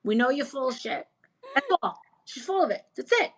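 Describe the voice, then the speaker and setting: A woman guest in a casual chat, talking in an animated, emphatic, gossipy way. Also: high-pitched, a little fast, husky, poor audio. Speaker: interview guest.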